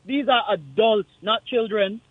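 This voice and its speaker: High-voiced Kittitian man ranting by phone. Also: animated, a little slow, breathy edge. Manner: impassioned, forceful, repetitive. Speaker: caller. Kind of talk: call-in radio rant. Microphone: phone line. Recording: tinny dry phone line.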